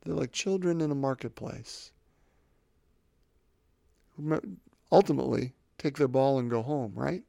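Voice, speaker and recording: A man's voice: mid-range voice, measured pace, vocal fry, long pauses, warm tone, dry recording, clean studio sound. A man in his fifties hosting a faith podcast, talking reflectively and often repeating words as he gathers his thoughts. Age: 50s. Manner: rambling, repeats words while thinking. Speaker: podcast host.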